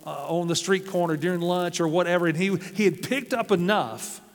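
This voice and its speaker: A pastor from Arkansas, preaching a sermon with folksy, humorous storytelling. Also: male voice, sits high, brisk. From South Arkansas, USA. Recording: long hall reverb.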